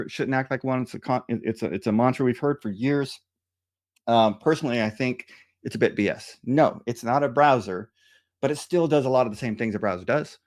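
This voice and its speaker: A man presenting a software conference talk in a loose, conversational way, with many fillers, restarts and "right?" checks. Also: mid-range voice. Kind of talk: technical presentation.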